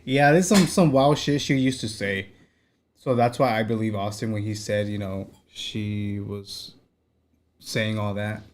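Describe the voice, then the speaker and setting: A man's voice: fairly low pitch, fairly even intonation, measured pace. A man hosting a live stream, chatting loosely with his viewers and laughing off clips as he reacts. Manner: laid-back, chuckling asides to chat. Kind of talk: casual live-stream chat.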